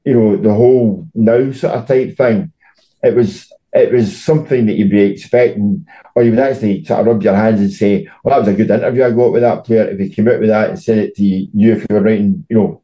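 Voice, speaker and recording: A middle-aged Scottish man talks football on a podcast in a mellow, dark-toned voice. He tells long anecdotes and often repeats a word before getting his sentence going. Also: lowish voice, steady tone, a little fast, rough recording. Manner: storytelling, repeats words when starting sentences. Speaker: football journalist, podcast co-host. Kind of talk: casual football chat.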